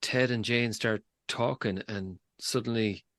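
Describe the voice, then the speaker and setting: A man's voice: medium pitch, steady tone, measured pace, a bit bright, dry recording. Curious male podcast host, dry sound. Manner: curious, enthusiastic. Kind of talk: interview questions.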